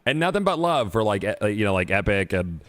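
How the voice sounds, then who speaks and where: A man's voice: fairly low pitch, very animated, fast, fairly bright tone. A man streaming a video game, chatting casually and swearing in loose, rambling talk with restarts at a desk microphone. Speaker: gaming streamer. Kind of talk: casual livestream chat while gaming.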